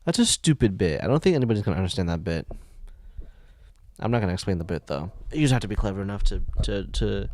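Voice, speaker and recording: A man's voice: lowish voice, lively intonation, fast talker, darkish tone. A sleepy man hosting a solo podcast, rambling and making jokes at his own expense. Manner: rambling, jokey, self-mocking. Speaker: podcast host.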